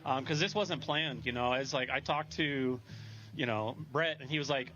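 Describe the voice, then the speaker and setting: A man's voice: medium pitch, moderate pace, fairly bright tone, soft background music. A man who just won a race, humble and grateful, talking outdoors at a race finish, heard through dull lo-fi livestream audio. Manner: humble, grateful, laughing easily. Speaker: winning race driver. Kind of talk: post-race interview.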